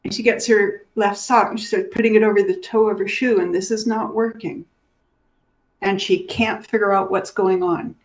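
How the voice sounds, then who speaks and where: Woman dementia educator, lively storyteller, voices the people she describes. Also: mid-range voice, normal speed. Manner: animated, acts out the people in her stories. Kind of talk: teaching through stories.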